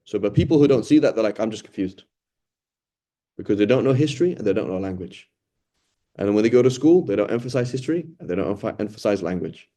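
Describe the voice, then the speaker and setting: In a fairly low, dark voice with lively intonation, a middle-aged man rapidly delivers a casual Quran study lecture. He thinks out loud, restarts sentences, and keeps asking "right?" as he teaches.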